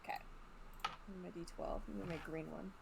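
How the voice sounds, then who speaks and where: A woman's voice: on the low side, wildly swooping pitch, brisk, gravelly, very noisy. Brash woman playing a tabletop game. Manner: brash, swears, jokes. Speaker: player. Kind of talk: casual game chat.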